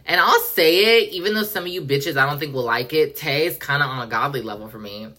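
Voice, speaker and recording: A woman's voice: low voice, brisk, pushed and bright. A woman hosting a podcast, ranting in a sassy, profane, slang-heavy way. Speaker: podcast host. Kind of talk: casual pop-culture rant.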